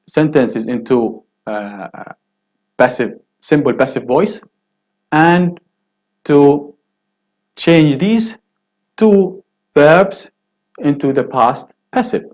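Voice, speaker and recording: Slow, patient male English teacher. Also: mid-range voice, darkish tone. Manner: slow, repeats example sentences, emphatic rises on key words. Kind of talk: grammar lesson. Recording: dull lo-fi recording.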